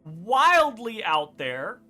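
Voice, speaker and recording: A woman co-hosting a let's play, chatting casually with emphatic, animated delivery and some swearing. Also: medium pitch, very slow, soft background music. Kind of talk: casual chat over gameplay.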